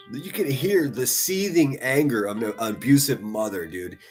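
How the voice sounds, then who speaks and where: A man's voice: medium pitch, expressive, a little slow, darkish tone, soft background music. A man giving profane, taunting live-stream commentary, laughing often as he mocks. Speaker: livestream commentator.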